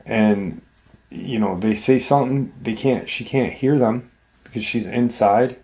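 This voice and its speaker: A man's voice: medium pitch, a little slow, mellow. A man hosting a show, casually retelling someone's frightening story in a loose, conversational way with many fillers. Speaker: host and storyteller. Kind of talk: casual storytelling of a retold encounter.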